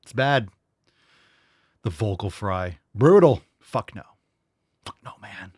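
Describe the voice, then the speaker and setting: A man's voice: on the low side, animated, slow pace, a little mellow, breathy edge, dry recording, clean studio sound. A man hosting a livestream podcast, reacting to clips with blunt, profane, mocking commentary.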